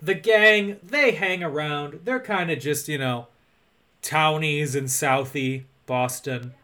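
Podcast co-host, male, higher-pitched, bright tone, dry humor, casual recap. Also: slow pace. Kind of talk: casual movie recap chat.

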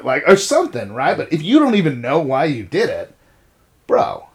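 A man's voice: fairly high pitch, huge pitch swings, normal speed. A middle-aged man co-hosting a casual talk show, blunt and swearing freely as he tells stories about raising his kids. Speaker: podcast co-host. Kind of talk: casual chat.

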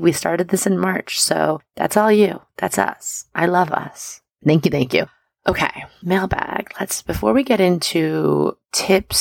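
A woman's voice: low voice, gravelly, no echo, studio quality. A woman in her thirties hosting a spirituality podcast, talking in a chatty, bubbly way full of fillers and little laughs. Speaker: podcast host. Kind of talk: casual chat.

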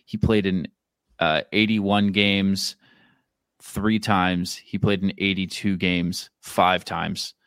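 A man co-hosting a sports podcast, laying out stats in a slow, deliberate way. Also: sits low, flat delivery, fairly bright tone, clear, resonant tone, dry recording, studio quality. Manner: deliberate, spells out stats slowly. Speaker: podcast co-host. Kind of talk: casual sports chat.

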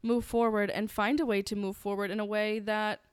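A woman's voice: medium pitch, flat delivery, normal speed, smooth, dry recording. A woman co-hosting a true crime podcast, chatting casually and telling the story with friendly asides. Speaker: podcast co-host.

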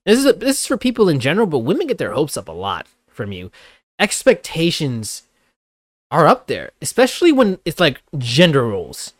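A man's voice: a little high, huge pitch swings, moderate pace, dry recording, studio quality. A young adult man co-hosting a casual podcast chat, talking bluntly and animatedly, swearing and laughing often. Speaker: podcast co-host.

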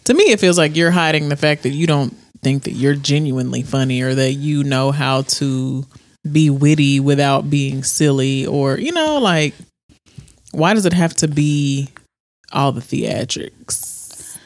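A woman co-hosting a casual podcast and chatting candidly about people she watches. She tells lively stories, slipping into other voices for the quotes, and her speech is blunt and explicit. The sound is dry and close, with hardly any room. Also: deep voice, moderate pace, dry recording. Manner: candid, animated storytelling with mimicked quotes; explicit, frank commentary. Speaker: podcast co-host.

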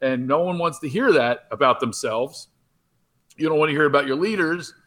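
A middle-aged man telling stories as a comedian guest, with a somewhat raised pitch. He rambles and restarts often, animated and loose, over a remote call. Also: moderate pace. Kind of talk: casual podcast interview.

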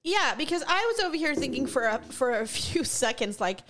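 A woman's voice: high voice, a little fast, noisy background. A woman co-hosting a casual podcast chat, swearing and laughing while her mouth burns from hot sauce. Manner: animated, swearing, laughing through burning-mouth complaints. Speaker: podcast co-host.

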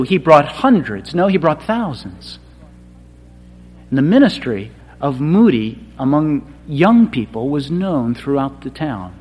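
Slow dramatic preacher in a reverberant hall. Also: male voice, on the high side. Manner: slow, dramatic delivery swinging from quiet to shouted. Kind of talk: sermon.

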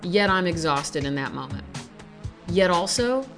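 A woman's voice: lowish voice, measured pace, music in the background. A woman hosting a podcast, reading essays aloud and chatting casually, swearing freely, worn out yet fired up. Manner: profane, excitable, self-mocking. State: exhausted, recovering from surgery.

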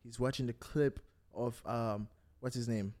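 A young man hosts a casual football podcast with animated energy. He laughs often and fires quiz questions at his friends, in a mid-pitched voice. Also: measured pace. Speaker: podcast host.

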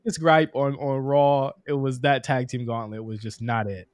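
A young man co-hosting a casual wrestling podcast, talking fast and profanely and laughing often. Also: medium pitch, little pitch movement, no echo, studio quality. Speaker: podcast co-host.

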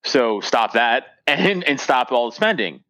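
A man's voice: medium pitch, no room sound. Comedian guy on a podcast, swears a lot, voice jumps all over, dry close mic. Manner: animated, profane, joking, quick to laugh. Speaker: stand-up comedian, podcast guest. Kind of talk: casual podcast chat.

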